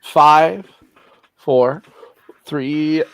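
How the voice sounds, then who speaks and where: A quiz host reading out multiple-choice questions slowly and deliberately. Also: mid-range voice, fairly even intonation, clean tone.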